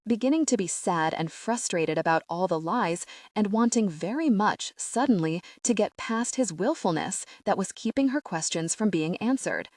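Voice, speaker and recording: A woman narrating a fantasy audiobook in a measured, steady reading. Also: medium pitch, dry recording, studio quality.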